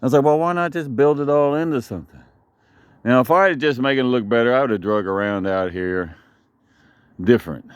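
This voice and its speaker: A man's voice: medium pitch, fairly quick, clean tone, dry recording, clean studio sound. Man, casual vlog, rambling, profane, digressive, outdoors in a backyard.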